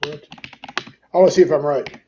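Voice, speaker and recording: A man's voice: fairly high pitch, brisk, dark tone, muffled recording, slight background noise. A man co-hosting a casual talk show, teasing his partner with quiz-style banter. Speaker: podcast co-host. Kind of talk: casual chat.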